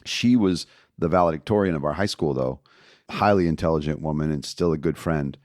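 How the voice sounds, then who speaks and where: A middle-aged man from Indiana, a podcast guest telling stories from his past in a casual, animated way and acting out the people he quotes. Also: extremely low pitch, a little fast, no room sound, clean studio sound. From Indiana, USA. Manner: animated storyteller, acts out quoted voices. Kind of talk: casual storytelling interview.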